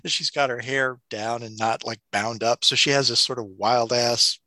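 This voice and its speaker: A man's voice: medium pitch, fairly even intonation, moderate pace, bright, forceful tone, dry recording. A man from Mississippi rambling through stories in casual chat, laughing often.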